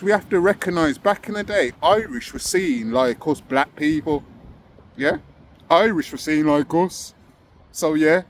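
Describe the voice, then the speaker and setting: Impassioned man with a higher voice. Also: slight background noise. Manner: impassioned, rhetorical questions to viewers. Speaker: host of commentary channel. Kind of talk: casual commentary monologue.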